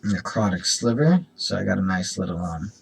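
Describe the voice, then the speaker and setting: A man's voice: deep voice, expressive, moderate pace, vocal fry, slightly rough, poor audio. A man with an itchy throat hosting a casual card-opening video. He reads card text aloud and rambles through asides. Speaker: host.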